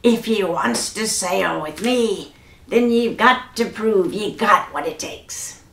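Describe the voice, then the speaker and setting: A cranky storybook pirate captain who barks his orders in thick pirate slang, as a woman reads him aloud. His voice swoops and grates with a gravelly edge. The sound carries the echo of a room. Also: mid-range voice, lively intonation, takes it slowly, fairly bright tone, exaggerated voice. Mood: bossy. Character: gruff bossy male pirate captain. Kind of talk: storybook read-aloud for children.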